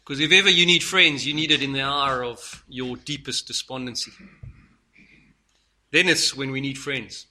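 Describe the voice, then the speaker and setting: Bright-voiced man preaching a sermon. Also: mid-range voice, steady tone, normal speed. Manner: earnest, swinging from loud to hushed.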